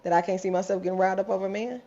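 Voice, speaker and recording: A woman co-hosts a podcast and tells candid, lively stories, laughing as she goes. Her pitch sits in the middle range, and the recording is dull and lo-fi. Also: rapid-fire. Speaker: podcast co-host. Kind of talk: casual chat, storytelling.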